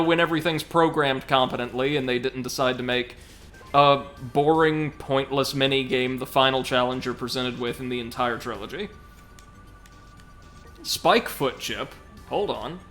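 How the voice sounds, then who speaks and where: A man's voice: mid-range voice, a little slow, fairly bright tone, faint music behind. A man casually commenting on a video game during a live stream, reading chat aloud with dry, sarcastic asides. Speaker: streamer and co-host.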